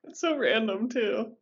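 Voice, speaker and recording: A woman's voice: a little high, husky. A young woman co-hosting a podcast, bubbly and giggly in casual chat. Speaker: podcast co-host. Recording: dull lo-fi podcast mic.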